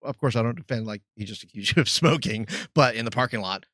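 Calm thoughtful guy pausing to find words, mid voice, dry sound. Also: mid-range voice, no echo. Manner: measured, thoughtful, searches for words. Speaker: former youth pastor. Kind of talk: reflective podcast chat.

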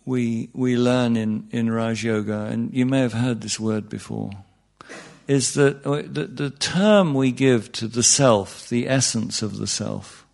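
A man's voice: medium pitch, vocal fry, darkish tone. A man teaching meditation to a live audience in an informal talk, chatty and wry, often restarting sentences and asking the room questions. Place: speaking in front of a room of listeners.

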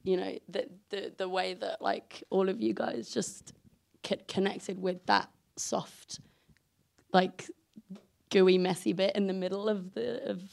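A woman's voice: mid-range voice, steady tone, a little slow, gravelly, darkish tone. A woman answering as a series creator on a panel, laughing often and searching for words. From England.

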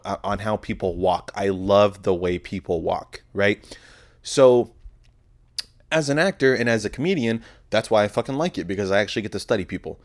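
A young man hosting a podcast, telling a story in a rambling, heavily profane casual monologue. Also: on the low side. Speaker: podcast host.

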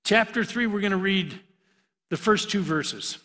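Man, middle-aged, casual youth sermon, bright voice, a bit high, jokey asides, hall reverb. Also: unhurried. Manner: joking, chatty, laughs at his own asides. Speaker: youth Bible teacher. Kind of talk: casual preaching to a youth group.

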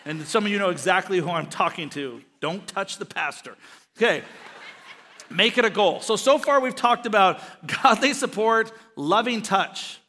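A man's voice: high-pitched, normal speed, bright, forceful tone, long reverb tail. A middle-aged man preaching a sermon as pastor, telling family stories with jokes and acting out quoted voices. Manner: storytelling, jokey, acts out quoted voices.

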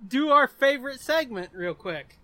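A man's voice: very high-pitched, expressive, normal speed, pushed and bright, dry recording. A man co-hosting a podcast in casual chat, laughing often and swearing freely. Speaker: podcast co-host.

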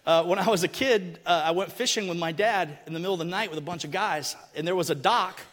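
Guy preaching a sermon, husky highish voice, acts out the quotes, big echoey hall. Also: quick pace. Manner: animated storytelling, acts out quotes, rising to shouts. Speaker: pastor. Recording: long hall reverb.

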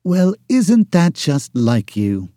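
A male audiobook narrator voicing a sharp-tongued young woman employee, exasperated and teasing, her lines lifted higher than his own voice. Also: lively intonation, moderate pace, dry recording, studio quality, close to an everyday voice. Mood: wry. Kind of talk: audiobook character voice.

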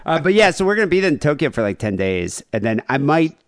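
Man, thirties, comedic podcast host, rambling, jokey, lively intonation, dry close mic. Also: on the high side, fast, no room sound. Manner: loose, joking, rambling with laughs. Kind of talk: casual comedic podcast chat.

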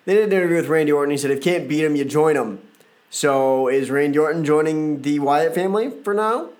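Male podcast host, slightly raised pitch, a little hoarse from a sore throat, loose and chatty. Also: fast talker, darkish tone. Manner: chatty, loose, playful asides. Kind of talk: casual wrestling reaction talk.

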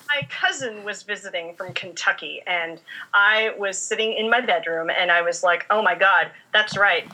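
A young woman, a fan fiction writer, chatting as a guest and telling long, animated stories that she laces with laughter. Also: medium pitch, normal speed, low-quality recording. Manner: rambling, animated storytelling with laughter. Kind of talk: casual chat.

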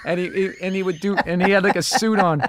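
A man telling work stories in a casual podcast chat, swearing freely and loudly acting out the people he quotes. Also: sits high, steady tone, quick pace, slight background noise. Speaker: comedian guest.

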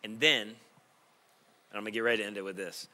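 A male pastor preaching a sermon, moving between quiet reflective passages and loud, impassioned stretches. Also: fairly low pitch, fairly even intonation, moderate pace.

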